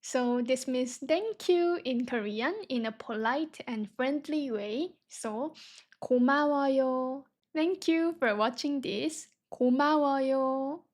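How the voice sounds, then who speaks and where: Young woman, language teacher, high voice, slow deliberate pace, patient syllable-by-syllable teaching. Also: lively intonation, darkish tone. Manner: patient, sounds words out syllable by syllable. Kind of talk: slow beginner reading lesson.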